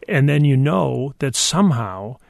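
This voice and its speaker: A man explains wildlife matters to radio callers in a thoughtful, halting way. His voice has a gravelly, rough edge, and the sound is dry and close. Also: medium pitch, animated, a little mellow, no echo. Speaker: wildlife expert guest. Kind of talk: radio call-in answers.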